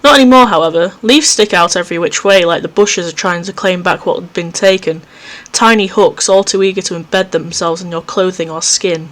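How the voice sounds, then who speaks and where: Male let's play host, reads horror game narration aloud, easily spooked, quick self-mocking asides. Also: sits high, a bit bright. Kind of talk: reading a visual novel aloud with commentary. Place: home recording setup.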